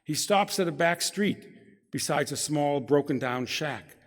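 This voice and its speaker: A man giving a talk in a synagogue, reading a story aloud with dramatic pacing that drops to hushed tones. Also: on the high side, animated, measured pace. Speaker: guest speaker. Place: synagogue sanctuary. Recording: long reverb of a large hall.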